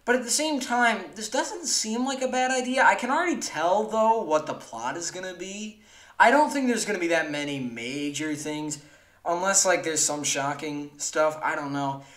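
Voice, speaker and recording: A man's voice: high voice, animated, moderate pace, fairly bright tone. A man reacting to a video in casual, rambling commentary, his voice a little raised. The sound is roomy and echoey. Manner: rambling, offhand. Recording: roomy echo.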